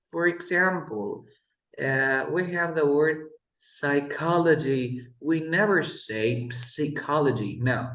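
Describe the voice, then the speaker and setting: A man's voice: on the high side, animated, slow pace, pushed and bright. A man tutoring English one-on-one over a video call, patiently repeating words for his student. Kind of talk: online one-on-one English lesson. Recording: roomy echo.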